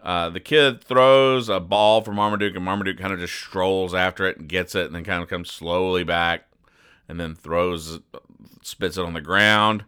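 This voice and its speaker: A man hosts a comedy show, reading the funnies and explaining each joke in a rambling, deadpan manner. His voice sits very low, with a bright, forceful edge and a smooth, crisp clarity. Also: normal speed. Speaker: podcast host.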